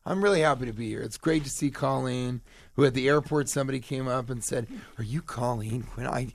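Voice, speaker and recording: A man's voice: medium pitch, quick pace, creaky, no room sound. A man guesting on a radio show, chatting in a rambling, self-mocking way and laughing easily. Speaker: guest comedian. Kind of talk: casual radio chat.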